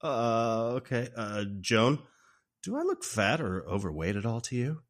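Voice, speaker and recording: Podcast host quoting a flustered movie husband. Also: male voice, medium pitch, expressive, unhurried, lightly acted. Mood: bewildered. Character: dazed sitcom husband, adult man.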